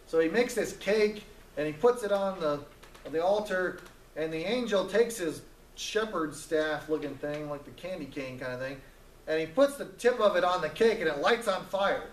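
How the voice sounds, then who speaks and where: A man's voice: a little high, lively intonation, normal speed, roomy sound, recorded from a distance, a little hiss or hum, poor audio. A man teaching a Bible story in a casual, joking way, acting out the characters' lines as he retells it.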